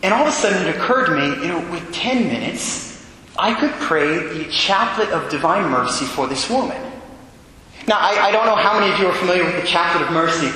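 A Catholic priest preaching a sermon, telling a story with earnest feeling and dropping to a hush for the quiet moments. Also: male voice, high-pitched, animated, brisk. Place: church. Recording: echoey church hall.

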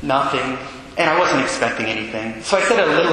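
A Catholic priest preaching a sermon, telling a story with earnest feeling and dropping to a hush for the quiet moments. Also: male voice, medium pitch, lively intonation, fast. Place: church. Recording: echoey church hall.

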